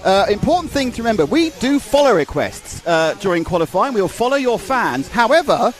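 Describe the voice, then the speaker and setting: An excitable man hosting a live racing stream, his voice pitched high and bouncing all over the place. He talks in a bubbly rush of greetings and asides, clearly thrilled to be on air. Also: a little fast, soft background music. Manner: excitable, bubbly, reads out viewer names. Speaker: race commentator.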